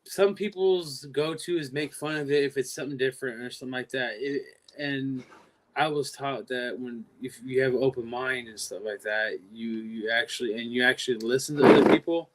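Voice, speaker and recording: A man guest on a live stream, talking casually and haltingly, often repeating words as he restarts. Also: medium pitch. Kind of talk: casual chat.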